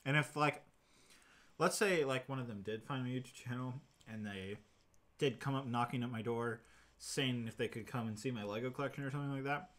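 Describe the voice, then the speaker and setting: Bright-voiced young man telling a story. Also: medium pitch, brisk. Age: 20s. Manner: rambling storyteller with fillers. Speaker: livestream host. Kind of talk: casual livestream chat.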